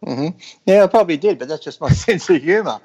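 A middle-aged man with an English accent, a bodybuilder guest on a podcast, talking in a dry, deadpan and sarcastic way and swearing freely. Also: on the high side, quick pace, slightly rough, rough recording. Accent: English, long time in Australia. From England. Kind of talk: casual podcast interview.

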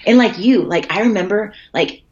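A woman's voice: mid-range voice, expressive, moderate pace, darkish tone, muffled recording. A woman, a bodybuilder guest on a podcast, chatting casually and telling stories with lots of fillers and swearing over a computer call. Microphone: computer call setup.

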